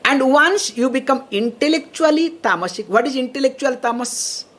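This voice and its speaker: Woman swami, fairly high voice, teaching a spiritual class with laughs and frequent check-ins. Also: expressive, normal speed, a bit bright. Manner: checks in with listeners often, laughs between points. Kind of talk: spiritual lecture.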